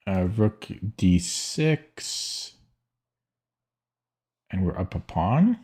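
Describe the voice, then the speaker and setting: Chill low-voiced guy streaming chess, slow and mumbly, lots of hmms and ums. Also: big pitch swings, warm tone, slightly rough. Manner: muttering, hesitant, counting puzzles aloud. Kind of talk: thinking aloud while solving puzzles.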